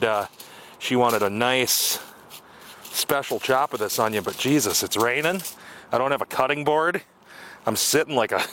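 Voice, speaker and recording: A man's voice: medium pitch, a bit bright. Man, casual outdoor vlog, joking, self-mocking, woods, faint background noise. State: out of breath at times. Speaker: outdoor vlogger.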